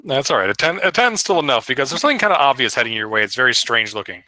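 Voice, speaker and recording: A man's voice: medium pitch, expressive, racing, pushed and bright, dry recording, low-quality recording. A man narrating as dungeon master over voice chat, casual and hesitant, with many fillers. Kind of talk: narrating a tabletop game. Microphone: headset or desk mic on voice chat.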